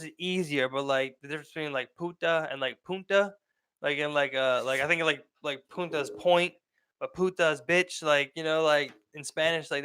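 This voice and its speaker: Bright, clear-voiced rambling male podcaster. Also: fairly high pitch. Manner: rambling, full of "like" and restarts. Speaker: podcast co-host. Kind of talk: casual chat.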